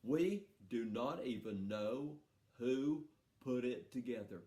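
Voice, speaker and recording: A man's voice: mid-range voice, lively intonation, takes it slowly, dark tone. A man voicing a stern, worried mother who firmly scolds and says no again and again. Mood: scolding. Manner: firm, scolding, repeats "no". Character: stern, fretful small-town mother. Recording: roomy hall sound.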